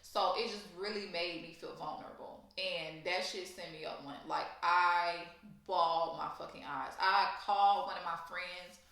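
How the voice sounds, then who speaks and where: A young woman from Louisiana with a Louisiana accent, telling a profane, animated storytime vlog. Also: on the low side, moderate pace, few pauses, heavy reverb. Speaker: storytime vlogger.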